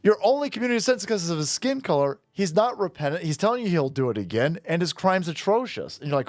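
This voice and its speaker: A man's voice: high voice, big pitch swings, fast talker, hardly any pauses, no room sound. A man giving a ranting commentary vlog, angry and sarcastic, swearing and laughing mockingly as he talks. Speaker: online commentator.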